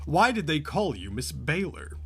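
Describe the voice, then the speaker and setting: A man reading the part of a protective, blunt Amish brother, his pitch raised. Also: very animated, moderate pace, creaky, husky, exaggerated voice. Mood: insistent.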